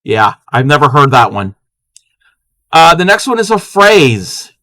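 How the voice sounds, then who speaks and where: A man's voice: a little high, big pitch swings, measured pace, bright, forceful tone, no room sound. A man hosting a casual live crafting stream, chatting playfully with viewers and laughing often.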